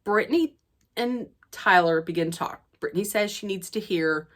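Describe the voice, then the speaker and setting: A woman's voice: medium pitch, moderate pace. A woman chatting casually as she recaps a reality show, telling it like gossip and acting out the quotes. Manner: gossipy, chatty retelling that acts out quoted dialogue. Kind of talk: casual chat.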